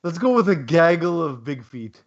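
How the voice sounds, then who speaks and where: A man's voice: fairly high pitch, big pitch swings, normal speed, muffled recording. A man co-hosting a sports podcast in casual chat, rambling with lots of ums and wry asides. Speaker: podcast co-host.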